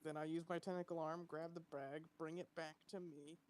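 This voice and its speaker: A man playing a tabletop game who stammers and thinks out loud as he plans his moves. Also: a little high, little pitch movement, fairly quick, a little hiss or hum.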